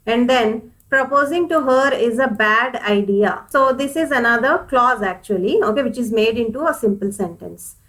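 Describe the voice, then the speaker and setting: A woman with a slightly high voice walks through an English grammar lesson. She explains patiently, repeats each point and calls her viewers dears. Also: moderate pace, few pauses, fairly bright tone, rough recording.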